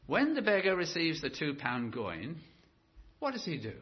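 Male preacher, lively sermon delivery with drawn-out emphasis, dull lo-fi church recording. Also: on the high side. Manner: animated, stretches key words for emphasis.

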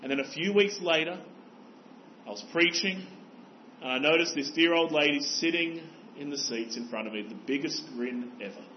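Earnest preaching pastor, dull recording. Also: male voice, a little high, normal speed, slight background noise. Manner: earnest, exhorting, rhetorical questions. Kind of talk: sermon.

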